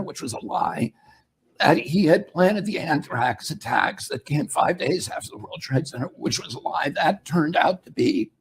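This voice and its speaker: A man answering in an interview, earnest and laying out his claims point by point in a strained, raspy voice. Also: high voice. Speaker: interview guest.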